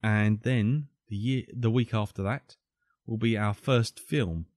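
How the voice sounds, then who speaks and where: A man's voice: fairly low pitch, takes it slowly, a little mellow, no echo, studio quality. A man hosting a podcast, joking, swearing and teasing his co-hosts in casual banter. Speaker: podcast host.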